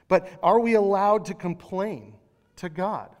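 A man preaching a sermon in a church, conversational, with animated asides. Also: sits high, moderate pace, in a large hall.

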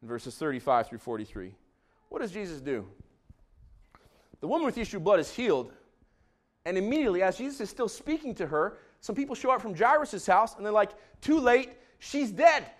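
A man preaching a sermon as pastor in a church, swinging from hushed tones to shouting. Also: sits high, big pitch swings, fairly quick, long pauses. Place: church sanctuary.

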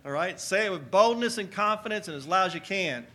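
A man's voice: high voice, animated, normal speed, bright, forceful tone. A man pastor preaching a sermon to his church, energetically calling on the congregation to answer back. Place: church sanctuary.

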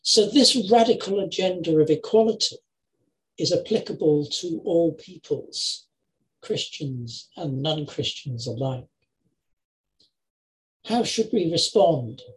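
An older man preaching an earnest sermon over a video call, with measured phrasing and emphatic repetitions. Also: fairly high pitch, expressive, poor audio. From England, Lincoln. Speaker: lay preacher.

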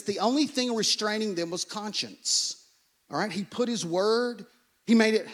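A man's voice: very high-pitched, fairly bright tone. A man, a pastor, preaching a sermon in an earnest way, often asking "okay?" and repeating phrases.

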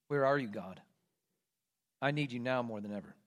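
A man preaching a sermon, reading scripture aloud and moving between loud, pleading cries and hushed, quiet lines. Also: medium pitch, normal speed, pauses often. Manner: reads scripture aloud with emphasis. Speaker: pastor.

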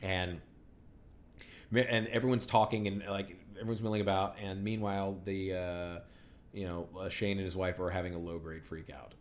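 A man's voice: deep voice, level tone, normal speed, slight background noise. A man co-hosting a podcast, recapping a TV episode in rambling, sardonic casual chat full of fillers. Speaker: podcast co-host.

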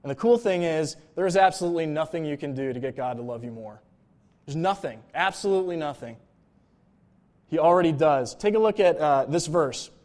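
A man preaching a sermon in a relaxed, conversational way, often checking in with "right?" and "like.". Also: a little high. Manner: casual, informal, frequent "like" and "right?" check-ins.

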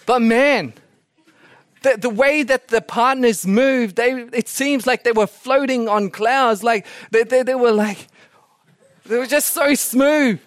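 A male pastor preaching a sermon for a podcast, weaving animated stories and laughing asides into his message. His voice sits high for a man. The sound is dry and close, with no room echo. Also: slow. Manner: animated storytelling, chuckling asides. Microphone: podcast recording.

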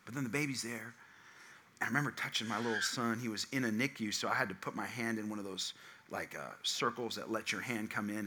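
A young man preaching a sermon, telling a personal story and swinging between loud acted quotes and hushed tones. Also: mid-range voice, a little hiss or hum. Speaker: pastor.

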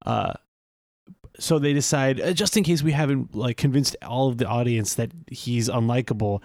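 Male co-host with a gravelly edge, wry and sarcastic in casual chat. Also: medium pitch, normal speed, dry recording, studio quality. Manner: sarcastic, animated storyteller. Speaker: podcast co-host.

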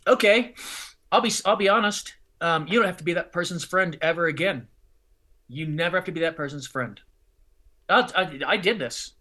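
A man with a bright, fairly high voice tells a personal story as an interview guest. He talks bluntly and informally, with sudden emphatic leaps in pitch and loudness. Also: normal speed. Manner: blunt and informal, calls people bro and dummy.

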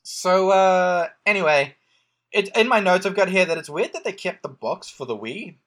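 Lively, rambling man recapping a movie. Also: high-pitched, normal speed. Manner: rambling, joking recap full of "um"s and restarts. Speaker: podcast co-host recapping a film. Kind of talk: casual chat.

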